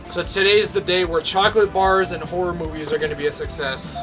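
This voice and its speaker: A man's voice: sits high, little pitch movement, fairly quick, over music. A young man giving sweary, mock-angry let's play commentary. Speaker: gaming video host.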